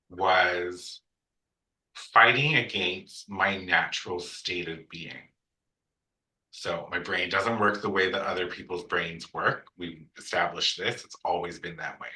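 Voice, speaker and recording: Frank, sassy man with a bright voice. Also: low-pitched. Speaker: podcast guest. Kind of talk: candid personal storytelling. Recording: echoey room, distant mic.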